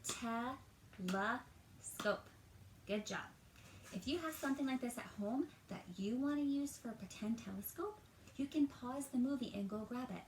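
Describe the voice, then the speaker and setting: In a roomy indoor space at home, a teacher reads a picture book to young children, speaking animatedly, drawing out words and posing questions. The rough recording of her high-leaning voice carries room echo and a bit of hiss or hum.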